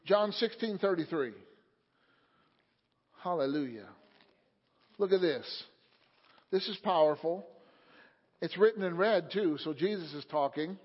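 High-voiced man preaching in an echoing hall. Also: unhurried, pauses often, slightly rough. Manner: calm storytelling building to loud fervent preaching. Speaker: pastor. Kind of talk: sermon. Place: church sanctuary. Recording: muffled sound in a reverberant hall.

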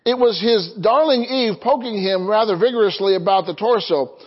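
High-voiced pastor, dull lo-fi sound. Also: male voice, moderate pace. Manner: chuckles through jokes, calls "amen?" to the congregation. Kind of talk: sermon.

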